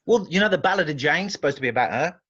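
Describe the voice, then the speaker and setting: An English man, a guest musician, telling animated, rambling anecdotes in casual chat, often restarting his sentences. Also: fairly high pitch, racing, slightly rough, lo-fi sound.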